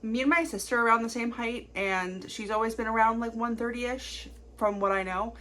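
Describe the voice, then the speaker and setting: A young woman in her twenties talking casually to camera in a confessional vlog, rambling quickly with lots of fillers. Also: on the high side, a bit bright. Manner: chatty, rambling, fast-talking with many fillers. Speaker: vlogger.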